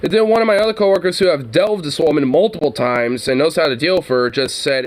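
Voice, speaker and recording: A man's voice: on the high side, lively intonation, fairly quick, a bit bright. A young man telling a story casually, rambling and swearing constantly. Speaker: streamer.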